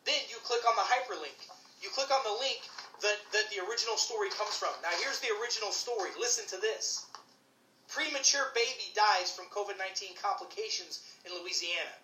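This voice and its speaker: A woman's voice: mid-range voice, a little fast, sharp tone, echoey room, a little hiss or hum, low-quality recording. A woman physician giving heated video commentary, ranting with fired-up, emphatic repetition. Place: St. Louis area.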